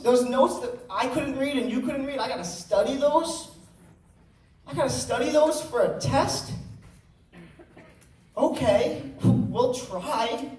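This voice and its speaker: A man's voice: very high-pitched, a little mellow. A young man giving an earnest personal talk to an audience, telling stories with joking asides. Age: teens. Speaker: student speaker. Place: large hall with audience. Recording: roomy hall sound, mic at a distance.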